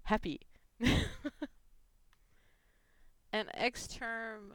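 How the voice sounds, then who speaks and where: A woman's voice: extremely high pitch, very animated, slow, long pauses, dry recording. A woman chatting casually on her vlog, giggling often and gushing emotionally. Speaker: fan fiction vlogger. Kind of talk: casual chat reading gifts.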